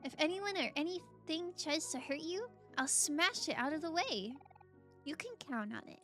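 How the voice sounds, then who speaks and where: A woman's voice: sits high, expressive, moderate pace, a bit bright, soft background music. A woman voicing a tough girl in a game who reassures her friends that she will protect them. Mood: protective.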